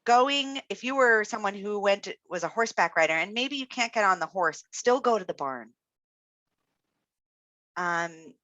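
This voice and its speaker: Bright, encouraging woman coach. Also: medium pitch, expressive, unhurried, no room sound, highs cut off. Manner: encouraging, reflective, many fillers. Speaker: speech-language pathologist and health coach. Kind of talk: webinar presentation.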